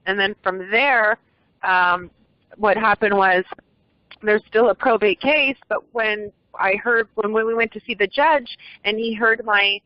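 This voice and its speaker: A woman's voice: medium pitch, unhurried, dry recording. A woman calling in as a guest, telling her story in a rambling way with many restarts and frequent checks that she is understood. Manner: rambling, restarts sentences, seeks reassurance. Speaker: guest caller. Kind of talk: casual call-in interview. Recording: muffled lo-fi call audio.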